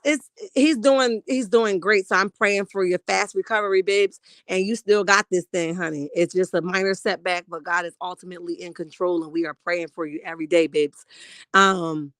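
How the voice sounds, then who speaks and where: A woman hosting a live stream, reading viewer comments aloud in a sassy, animated way and calling people honey. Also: mid-range voice, no room sound, clean studio sound. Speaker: livestream host reading chat. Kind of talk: casual live chat.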